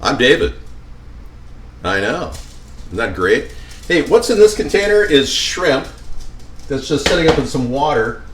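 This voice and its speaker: A man's voice: mid-range voice, very animated, unhurried, pauses often, a bit bright, recorded from a distance, a little hiss or hum. Rambling jokey man in a roomy kitchen. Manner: rambling, jokey, talks to viewers while cooking. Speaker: home cooking vlogger. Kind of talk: rambling comedic cooking vlog. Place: home kitchen. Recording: roomy, off-mic with faint ambience.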